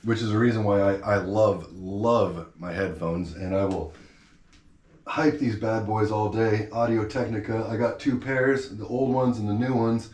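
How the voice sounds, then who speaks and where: A man's voice: fairly low pitch, fairly even intonation, a little slow, darkish tone, roomy sound. A man hosting his own channel, talking straight to camera in a blunt, slangy, fired-up rant. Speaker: channel host.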